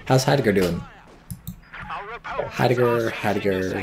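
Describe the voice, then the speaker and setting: A man's voice: mid-range voice, expressive, normal speed, a crowd in the background. A man giving casual live-stream commentary on a strategy game, wry and offhand, swearing now and then.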